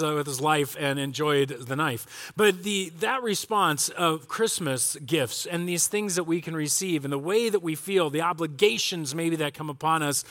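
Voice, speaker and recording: A man's voice: high voice, a bit bright. A middle-aged man preaching a casual, joking Christmas sermon to his congregation, acting out people's reactions. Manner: chatty, joking, acts out reactions. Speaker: pastor.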